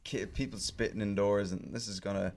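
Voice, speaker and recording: A man's voice: on the low side, steady tone, fairly quick, a little mellow. A man on a casual podcast chat, telling a long story in a rambling, profane way full of fillers and restarts. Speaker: podcast guest telling stories.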